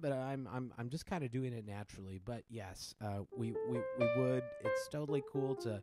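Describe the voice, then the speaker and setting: A man explaining his piano piece in a casual tutorial, relaxed, with many fillers and restarts, counting beats aloud. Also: mid-range voice, normal speed. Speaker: piano teacher and composer.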